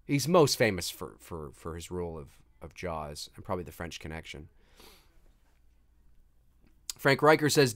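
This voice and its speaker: Man, host of a casual live movie commentary. Excitable and profane, with a lively, swinging pitch. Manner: excitable, swears freely, reads chat aloud.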